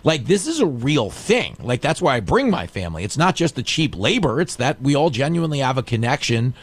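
A man's voice: mid-range voice, very animated, a little fast. A man hosting a call-in radio talk show, chatty and joking. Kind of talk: casual call-in radio chat.

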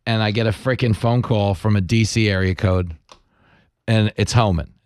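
A man hosting a radio talk show, chatting casually and telling stories with self-mocking jokes and quick asides. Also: fairly low pitch, steady tone, no echo, studio quality. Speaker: radio host. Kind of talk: casual chat and storytelling.

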